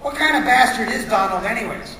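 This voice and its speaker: A man voicing a dim-witted, excitable cartoon boy who talks in an eager, dopey way. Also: extremely high pitch, brisk, a crowd in the background, voice pushed up. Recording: echoey hall from far off, noisy.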